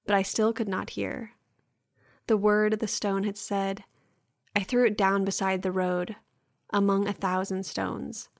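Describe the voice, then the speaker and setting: Woman, podcast host, slow unhurried reading, flat even delivery, dry close sound. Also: medium pitch, dry recording. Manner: calm, unhurried, gentle. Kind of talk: reading a poem aloud.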